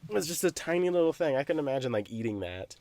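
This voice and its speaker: A young man co-hosting a podcast, telling stories in a casual chat, animated, often laughing and swearing. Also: on the high side, fast, no room sound. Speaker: podcast co-host.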